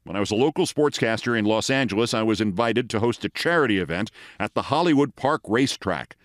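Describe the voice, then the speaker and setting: A man's voice: lowish voice, lively intonation, fast, no room sound. Wry storytelling host in his sixties. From the Bronx, New York. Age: 60s. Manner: wry, dry, precise delivery. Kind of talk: storytelling monologue.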